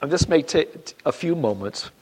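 A man preaching a Sunday sermon in church, emphatic and swinging between loud and quiet, often repeating phrases. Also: on the high side, expressive, normal speed, breathy edge. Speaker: pastor.

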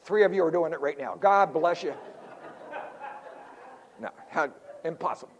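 Older man preaching, fairly high voice, joking, animated, sudden quiet asides. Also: moderate pace, long pauses, slight background noise. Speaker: pastor. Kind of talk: sermon.

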